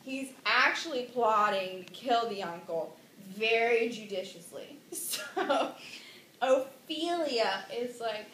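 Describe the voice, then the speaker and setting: A woman's voice: high-pitched, lively intonation, slow, a bit bright, echoey room, slight background noise. A woman telling a classic story in a rambling, giggly way, with sudden dramatic outbursts. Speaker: drunk storyteller. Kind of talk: tipsy comic retelling of a classic play.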